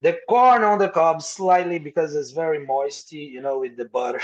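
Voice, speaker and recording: A man's voice: fairly high pitch, moderate pace, dull audio. A young adult man with a Brazilian accent, a native Portuguese speaker, telling stories as a podcast guest, acting out quoted voices and swearing freely. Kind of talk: casual storytelling.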